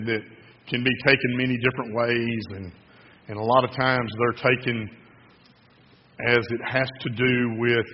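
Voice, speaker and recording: A man's voice: medium pitch, husky. A male pastor reading scripture and preaching in a casual, joking storytelling manner in a church. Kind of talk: sermon. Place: church sanctuary. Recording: echoey hall, dull lo-fi sound.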